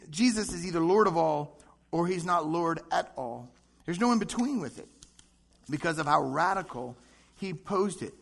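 A man preaching a sermon, animated, acting out short voices as he goes. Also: sits high. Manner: animated, acts out voices in quick asides. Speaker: pastor.

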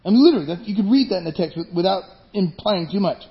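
High-voiced man preaching emphatically. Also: animated, fast. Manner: emphatic, rhetorical questions to the congregation. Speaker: pastor. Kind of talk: sermon. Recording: dull lo-fi sound.

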